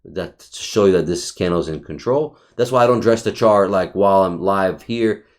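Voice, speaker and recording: A lower-pitched man talks through a trading chart in a loose, excitable way. He swears freely, calls the viewer bro and buddy, and stumbles over repeated words as he goes. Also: moderate pace. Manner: repeats himself and restarts often. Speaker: trading educator reviewing his chart. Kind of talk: casual screen-share chart review.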